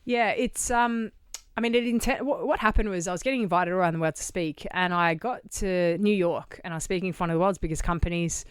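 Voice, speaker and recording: A middle-aged Australian woman with a low, smooth voice tells a story as a podcast guest. She acts out each bit of dialogue and swears casually. The sound is dry and close. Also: fast, dry recording. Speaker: guest, charity founder. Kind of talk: conversational storytelling. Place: podcast studio.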